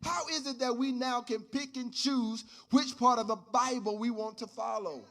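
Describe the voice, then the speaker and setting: A man preaching as a pastor, telling a story in his sermon and building up to loud shouted calls. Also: extremely high pitch, moderate pace. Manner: animated, rising to shouts.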